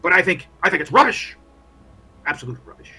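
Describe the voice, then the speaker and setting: A man's voice: high voice, sing-song, a little fast, sharp tone, husky, pitched above the performer's own voice, full character voice. A man voicing a weary, bitter male army officer at a field hospital, who grumbles and then bursts out in complaints. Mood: dismissive. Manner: bitter, complaining, with rising outbursts.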